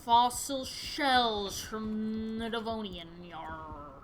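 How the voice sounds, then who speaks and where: A woman voicing a lazy, thieving male sea captain who drawls slowly and growls pirate-style. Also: on the high side, noisy background. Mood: sly, evasive. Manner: slow, drawling, growly "yar".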